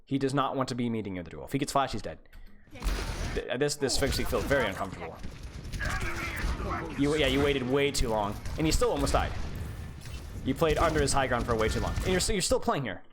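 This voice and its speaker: A streamer coaching through a gameplay review, voice swinging up and down in pitch with lively energy. The critique is blunt and sarcastic, full of quick repeated words as thoughts tumble out. The voice sits in a middle pitch. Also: noisy background. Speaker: game coach.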